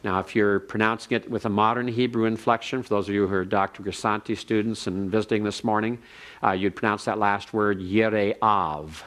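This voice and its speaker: A man lecturing on Hebrew grammar to a class, explaining step by step and reading phrases slowly for the students to repeat. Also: lowish voice, steady tone, a bit bright. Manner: methodical, reads Hebrew slowly for repetition.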